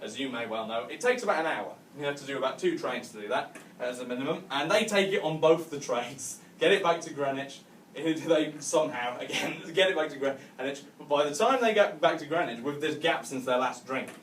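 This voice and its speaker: A man's voice: a little high, brisk, a bit bright, echoey room, distant mic, a little hiss or hum. A man from Cumbria telling a rambling stand-up story to a live audience, laughing at his own jokes and tagging lines with "right?". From northwest England (Cumbria). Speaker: stand-up comedian. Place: hotel function room, live audience.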